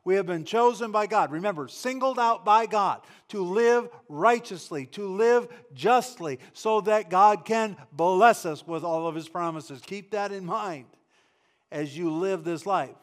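A male preacher with a fairly high-pitched voice delivers a sermon. His delivery is fervent and emphatic. He stumbles into restarts and repeats himself as he presses each point. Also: unhurried.

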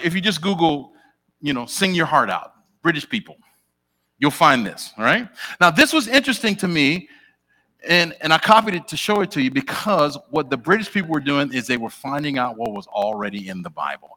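A middle-aged man preaching a sermon in a church, chatting directly with his congregation and asking them questions. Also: on the high side. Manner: animated, conversational, talks directly with the congregation.

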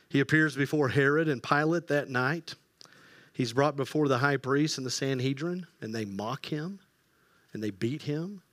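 A man preaching a sermon as pastor, telling the story with lively acted-out quotes and hushed quiet passages. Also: mid-range voice, no echo. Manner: animated storytelling, acting out quoted voices, dropping to hushed tones.

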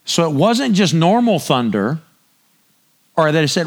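A man's voice: a little high, sing-song, measured pace. A man preaching a sermon, speaking emphatically and posing rhetorical questions to the congregation. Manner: draws listeners in with repeated cues.

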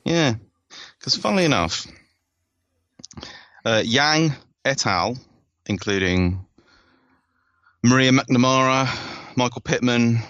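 Man, podcast host, bright voice, enthusiastic, dry close sound. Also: medium pitch, animated, takes it slowly, long pauses, no echo, highs cut off. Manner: enthusiastic, laughs often, rambles through paper details. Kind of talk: casual science podcast chat.

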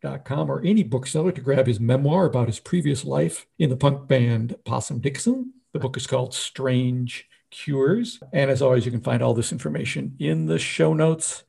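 A man's voice: mid-range voice, creaky, darkish tone, slightly rough. A man co-hosting a podcast, chatting in an easygoing way with hesitant fillers. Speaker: podcast co-host. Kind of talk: casual chat.

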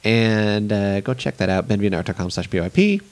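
A man with a fairly low voice hosts a casual podcast. He talks in a relaxed, jokey way as he runs through plugs and segment cues. The sound is dry and close. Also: normal speed, no room sound. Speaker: podcast host.

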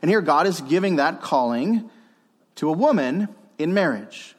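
A man's voice: a little high, very animated, moderate pace, slightly rough, in a large hall. A man preaching a sermon as pastor, earnest and emphatic, repeating key phrases to drive them home. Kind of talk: expository sermon.

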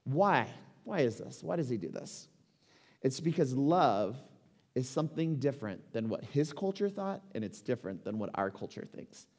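A man's voice: mid-range voice, very animated, normal speed, a little mellow. A man in his forties preaching a sermon, conversational and emphatic, asking rhetorical questions. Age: 40s. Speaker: pastor. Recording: long reverb of a large hall.

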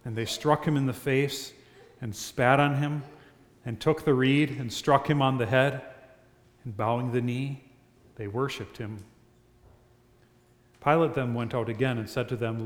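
A man reading scripture aloud at an evening church service in a measured, solemn way. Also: mid-range voice, fairly even intonation, reverberant, long reverb tail. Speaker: scripture reader.

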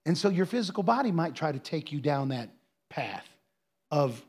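A man's voice: on the high side, big pitch swings, moderate pace, a little mellow, husky. A man, a pastor preaching and answering a question, telling stories earnestly and building to emphatic peaks.

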